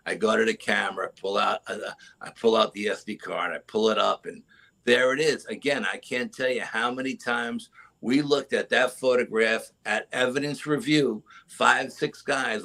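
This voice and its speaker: A middle-aged man telling a story as a guest in a live interview, animated and often asking "you know?". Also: on the low side, creaky, poor audio. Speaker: guest, cryptid investigator.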